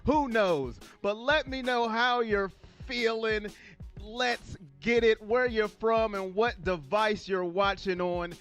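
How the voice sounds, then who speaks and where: A man's voice: sits high, slow pace, a bit bright, soft background music. A man hosting a livestream sports fan show, chatting and reading viewer comments aloud, telling the story dramatically.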